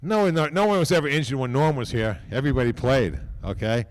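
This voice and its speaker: A man's voice: medium pitch, expressive, a little fast, hardly any pauses. An older man giving a rambling, folksy ceremony speech, often tagging lines with "okay?". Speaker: team owner speaking at a hall of fame ceremony. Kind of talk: casual off-the-cuff speech.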